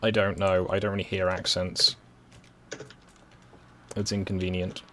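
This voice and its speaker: Low-voiced West Midlands man chatting over a game. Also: level tone, measured pace, fairly bright tone, a little hiss or hum. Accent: West Midlands English. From West Midlands, England. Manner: rambling, dry self-mocking humor, thinking aloud. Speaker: streamer playing a game. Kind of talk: casual gameplay commentary.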